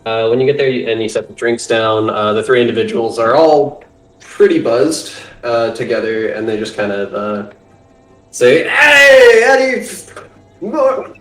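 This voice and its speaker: Male game master, casual halting narration, heard from a distance in a roomy space. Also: lowish voice, faint music behind. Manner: casual, halting, voices characters.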